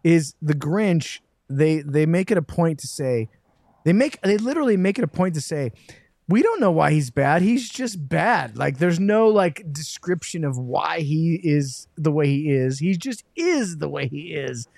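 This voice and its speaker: A man hosting a podcast, telling stories in a lively, self-mocking way. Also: a little high, moderate pace, creaky, no echo. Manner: animated, self-mocking storyteller. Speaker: podcast host. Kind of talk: casual chat.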